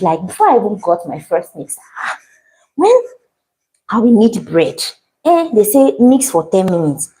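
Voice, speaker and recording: A woman teaching a live baking class, telling her story in an animated, dramatic way with playful asides. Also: on the low side, rough recording. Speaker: baking instructor.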